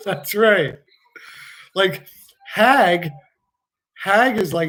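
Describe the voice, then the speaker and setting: A man's voice: sits high, lively intonation, drawn-out words, pauses often, a bit bright. A man hosting a casual hockey watch-along stream, joking, laughing often and swearing freely. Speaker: livestream host.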